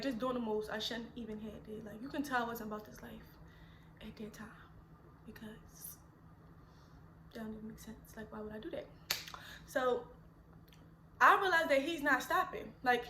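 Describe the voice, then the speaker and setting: Young philly woman telling a story on camera, high voice, kinda bright, echoey room. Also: a little hiss or hum. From Philadelphia. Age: 20s. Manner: animated, chatty, slangy storytelling. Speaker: vlogger. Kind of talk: storytime vlog.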